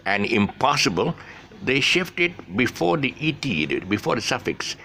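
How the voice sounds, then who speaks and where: Rambling male teacher, gravelly, bright tone, lively pitch, faint noise behind. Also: moderate pace. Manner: rambling, many fillers and restarts. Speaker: English teacher. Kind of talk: casual spoken English lesson.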